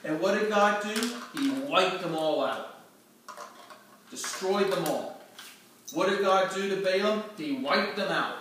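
A man's voice: sits high, lively intonation, measured pace, long pauses, a bit bright. A man teaching a storytelling Bible lesson to a group, acting out scenes and quizzing his listeners. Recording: echoey room, distant mic, faint noise.

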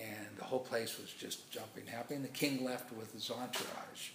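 A man's voice: medium pitch, steady tone, moderate pace, hardly any pauses, background noise. A man preaching, telling a story as a sermon illustration in a rambling way with many restarts. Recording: echoey room.

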